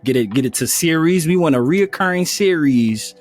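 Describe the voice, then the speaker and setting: A man's voice: fairly high pitch, lively intonation, normal speed, a little mellow, soft background music. Hyped guy hosting a podcast, playful, hypes up the guest. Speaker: podcast host. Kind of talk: casual podcast chat.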